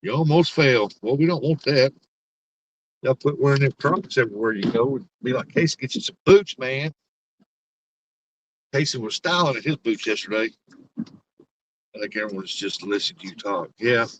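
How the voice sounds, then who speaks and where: An older man livestreams while driving on icy roads, chatting casually with a folksy, rambling manner as he teases his passengers and talks to his chat. His medium-pitched voice moves a little fast, and the audio is dull with a slight hiss or hum.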